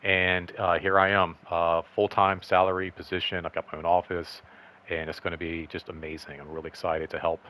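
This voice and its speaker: A man hosting a casual personal vlog update, rambling and excited, full of "like" and "um". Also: low voice, a little fast. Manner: rambling, lots of "like" and "um"; excited, upbeat. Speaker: channel host.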